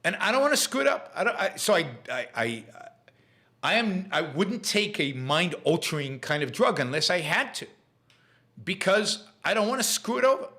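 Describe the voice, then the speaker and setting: A middle-aged man with an Israeli accent, a native Hebrew speaker, hosting a live podcast Q&A in a casual, halting way with many fillers and restarts. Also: high voice, sing-song, sharp tone. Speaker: podcast host. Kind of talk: live-stream Q&A chat.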